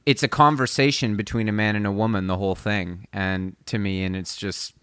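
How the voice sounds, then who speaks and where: A man co-hosting a casual music podcast, talking animatedly and quoting people with rising excitement. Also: lowish voice, fairly quick, clear, resonant tone, no echo. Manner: animated, quotes people in a keyed-up voice. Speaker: podcast co-host.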